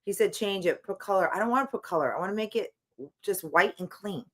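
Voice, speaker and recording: A woman co-hosting a live show from a hotel room, chatting casually with quick asides and blunt opinions. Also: medium pitch, expressive, a bit bright. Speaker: co-host of a live daily show. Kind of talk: casual live-stream chat.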